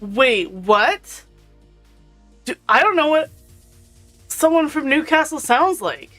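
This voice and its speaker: A woman's voice: high voice, very animated, slow pace, a bit bright. A woman streaming a video game, chatting casually with her viewers and her pet, laughing often. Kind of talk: casual chat while gaming. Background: faint intro music.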